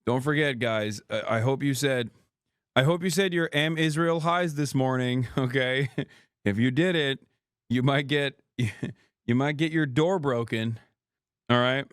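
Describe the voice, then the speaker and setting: A male streamer reacting to clips in sarcastic, mocking casual talk. His voice is smooth and clear, with a close and dry sound and no room around it. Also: mid-range voice, a bit bright, no echo. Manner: sarcastic, mocking, laughs often. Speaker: streamer host. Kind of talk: livestream reaction commentary.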